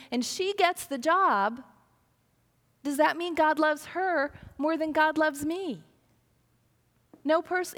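Middle aged lady preaching, high pitched, storytelling style, echoey church hall. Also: a bit bright. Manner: earnest, storytelling, acts out quoted voices. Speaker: pastor. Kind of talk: sermon. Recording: long reverb of a large hall.

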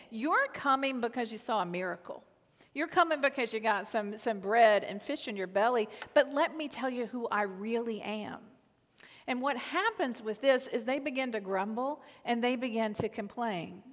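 A woman's voice: fairly high pitch, expressive, normal speed, a bit bright. A woman preaching a sermon in an earnest manner, repeating key lines for emphasis. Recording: reverberant hall.

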